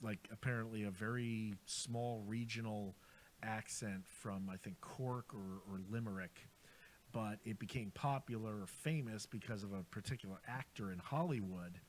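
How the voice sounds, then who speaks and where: An American man with a lowish voice chatting casually on a radio show, rambling from point to point. A faint hiss sits under the recording. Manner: rambling, chatty, quick to laugh.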